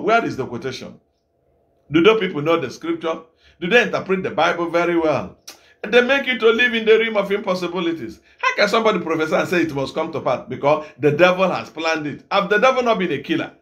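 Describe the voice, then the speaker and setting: A man from Nigeria, an evangelist preaching a sermon, scolding his listeners with rhetorical questions and now and then breaking into shouts. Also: high-pitched, expressive, a little fast.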